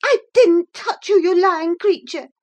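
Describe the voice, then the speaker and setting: A woman voicing a hot-tempered, passionate young woman in an audiobook reading, with loud, shrill outbursts. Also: measured pace. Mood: furious.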